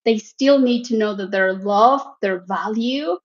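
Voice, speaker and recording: A fairly high-pitched woman talks warmly and affirmingly, with many "you know" fillers. The audio is slightly muffled and lo-fi. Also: measured pace. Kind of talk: casual conversation. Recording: dull lo-fi sound.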